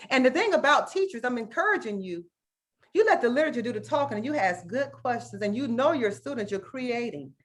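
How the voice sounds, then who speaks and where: A woman's voice: a little high, a bit bright. A woman teacher giving an earnest, emotional workshop talk over a video call, often checking in with "right?" and calling her audience "guys". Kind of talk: online conference presentation.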